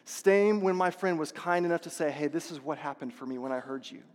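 High-voiced male pastor preaching in a hall. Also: fairly quick. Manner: passionate, repetitive preaching with rhetorical questions. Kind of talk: sermon. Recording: long reverb of a large hall.

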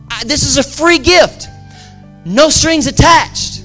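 A man preaching a sermon as pastor at a church service, impassioned, swinging from loud declarations to hushed asides and repeating his phrases. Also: very high-pitched, expressive, takes it slowly, faint music behind. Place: church service with live audience.

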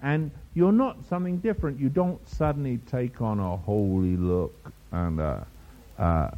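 A man preaching a sermon to a congregation, lively and teasing, mimicking other preachers' voices for humor. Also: medium pitch, measured pace. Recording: dull lo-fi sermon recording.

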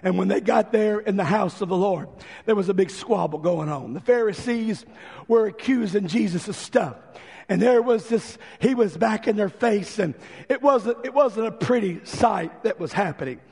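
Hoarse, high-pitched preacher in a reverberant church. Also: male voice, moderate pace, a little mellow. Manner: impassioned preaching, acts out the visitors' voices. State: hoarse, voice giving out. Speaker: pastor. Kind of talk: sermon.

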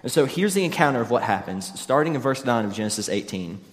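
A man's voice: mid-range voice, expressive, fast, hardly any pauses. Male pastor preaching in an echoing hall. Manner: earnest, conversational preaching. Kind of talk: sermon. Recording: long reverb in a large hall.

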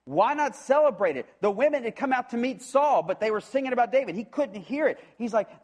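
A man preaching a sermon, retelling a scripture story in an animated way and acting out the voices of its characters. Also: extremely high pitch, a little fast, hardly any pauses. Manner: animated storytelling, acts out voices, frequent restarts. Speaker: pastor.

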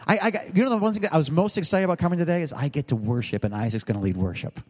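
A middle-aged male pastor preaching a sermon in a relaxed, joking, rambling way, with asides to the congregation. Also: fairly high pitch, very fast. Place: large church hall. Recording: long hall reverb.

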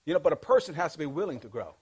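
Man, somewhat high voice, energetic leadership teacher, call-and-response with the room. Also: racing, husky.

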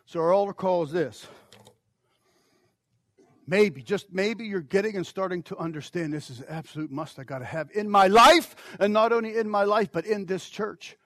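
A man preaching an altar call, impassioned, swinging from shouted pleas to near whispers. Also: sits high, moderate pace, dry recording, studio quality. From United States. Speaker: pastor.

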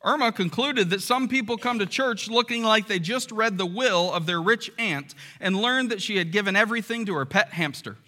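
A pastor with a high, sharply bright voice preaches to his church congregation in a loose, conversational way. He keeps turning to the room with questions and little "right?" checks. His words ring out with a long hall reverb. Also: normal speed, few pauses. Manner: asks the congregation rhetorical questions, often tags "right?". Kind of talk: conversational sermon.

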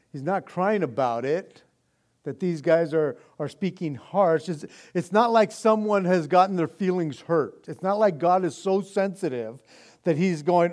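A man preaching, reading scripture slowly and then explaining it in loose, animated everyday talk. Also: fairly high pitch. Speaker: pastor. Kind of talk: sermon.

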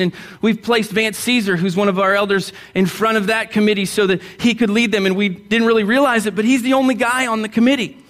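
A man's voice: sits high, a bit bright. A man pastor preaching a sermon in a church, talking bluntly and conversationally, joking with the congregation and getting them to answer aloud. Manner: asks the congregation to respond aloud.

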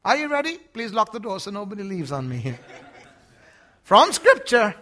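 An older man with an Australian accent preaching a sermon, swinging from hushed words to shouts. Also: high-pitched, wildly swooping pitch, unhurried.

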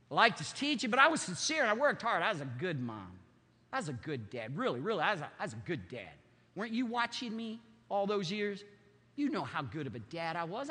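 A man's voice: high voice, pushed and bright, breathy edge, long reverb tail, full character voice. A man voicing an ordinary self-righteous man, pleading and whiny.

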